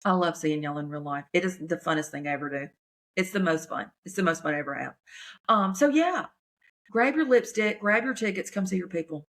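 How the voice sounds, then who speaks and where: A woman comedian, talking in a chatty, folksy, animated way on her podcast. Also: on the low side, fairly quick. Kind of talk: casual chat.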